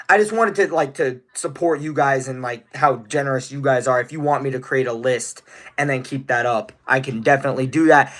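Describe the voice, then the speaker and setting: A young adult man streaming live, chatting casually with viewers and excitedly shouting out donors. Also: mid-range voice. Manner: excitable, gives rapid shout-outs to donors; chatty, answers viewer questions one by one.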